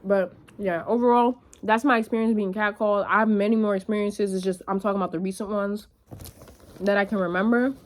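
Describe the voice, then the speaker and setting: A young woman talks straight to camera in a casual vlog, blunt and loose, swearing freely and calling her viewers y'all. Her voice sits in an ordinary middle pitch. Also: steady tone, brisk. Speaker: vlogger.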